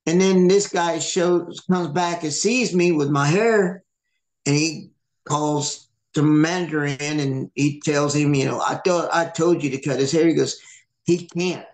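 A man's voice: on the high side, steady tone, measured pace. A man hosting a podcast, casually telling a long story, swearing and acting out the people he quotes. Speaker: podcast host. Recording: echoey room.

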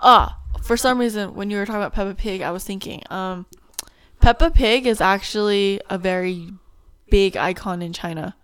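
A woman's voice: medium pitch, moderate pace, clear, resonant tone. A young woman co-hosting a podcast, chatting casually and rambling with many fillers. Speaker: podcast co-host. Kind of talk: casual chat.

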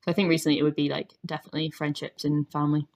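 A woman's voice: sits low, flat delivery, rapid-fire, a little mellow. A young Scottish woman chatting as a podcast guest, talking openly with lots of filler words. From Scotland. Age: young adult. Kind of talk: casual podcast chat.

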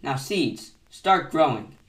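A man's voice: medium pitch, fairly quick, lightly acted. A man voicing an anxious, list-bound male toad who frets and wails when things go wrong, in a bedtime storybook reading. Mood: panicked.

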